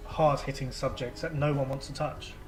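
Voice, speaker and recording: A British-accented man, a teacher and host, chatting slowly and playfully. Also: medium pitch, steady tone, music in the background. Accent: British English. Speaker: English school teacher and podcast host. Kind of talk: slow, easy casual chat. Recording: noisy room recording.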